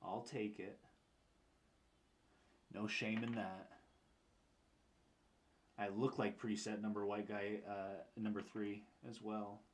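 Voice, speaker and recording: A man's voice: on the low side, level tone, slow pace, pauses often, slight background noise. A young man with an upstate New York accent, chatting casually on a stream and answering his chat in a rambling way. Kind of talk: casual chat while painting miniatures.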